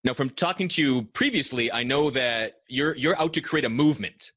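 A man interviewing a guest, asking questions in a halting way with many restarts. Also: mid-range voice, a bit bright, no room sound. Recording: dry, close sound.

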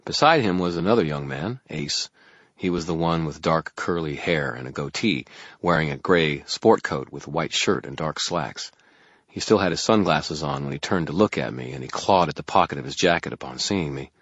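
Very deep, husky male narrator. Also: animated, moderate pace, a bit bright, dry recording. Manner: wry, dry first-person narration. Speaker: audiobook narrator. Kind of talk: first-person audiobook narration. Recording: muffled lo-fi recording.

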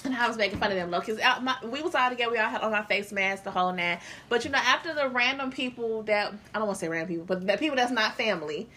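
Bright-voiced animated woman. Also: on the high side, rapid-fire, hardly any pauses. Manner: animated storyteller, acts out quotes loudly. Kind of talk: casual chat.

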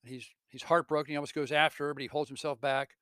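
A man's voice: on the high side, flat delivery, fast, sharp tone, clear, resonant tone, no room sound. A man earnestly retelling a classic story with commentary and the odd self-correction, like a literature teacher.

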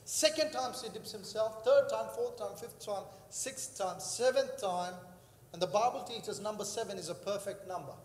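A man's voice: sits high, moderate pace. A male pastor preaching a sermon, telling a story with frequent fillers and acted-out quotes. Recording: echoey hall with long reverb.

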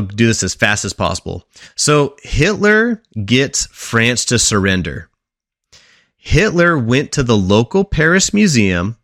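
A man's voice: lowish voice, a bit bright, no room sound, studio quality. A man on a podcast, presenting a history segment in casual chat, telling it like a story and quizzing his co-hosts along the way.

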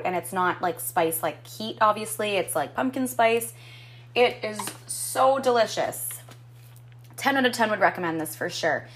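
A woman's voice: medium pitch, a bit bright. A woman vlogging a casual coffee review from her home kitchen, chatty and upbeat, cursing freely as she talks. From Canada. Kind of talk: casual chat.

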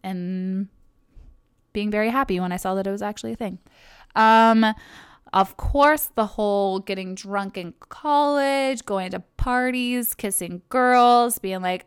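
Young woman, podcast host, casual rambling monologue, middle pitch, dry close sound. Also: measured pace, clear, resonant tone, no echo. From Kentucky, USA. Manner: chatty and rambling, with frequent fillers and self-corrections.

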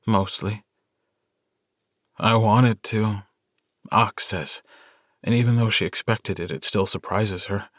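A man narrating a short story audiobook in a measured, intimate storytelling manner. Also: fairly low pitch, fairly bright tone, husky, no echo, clean studio sound. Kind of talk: scripted narration.

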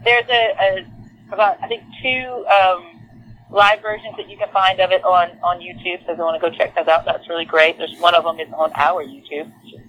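Her lowish voice comes out brisk as this Southern-accented lead singer from Texas, USA, chats animatedly in a casual interview, stumbling through fillers and restarts. The sound is lo-fi.

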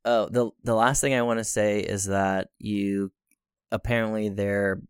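A man's voice: fairly low pitch, little pitch movement, unhurried, clear, resonant tone, no echo, studio quality. A young man co-hosting a podcast in casual chat, chatty, laughing easily and swearing casually. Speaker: podcast co-host.

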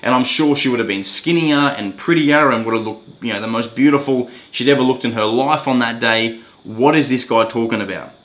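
A man in the middle of a personal story, talking earnestly and plainly at an ordinary pitch. He trips over his words and repeats them often as he goes. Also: brisk, hardly any pauses, fairly bright tone. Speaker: podcast host.

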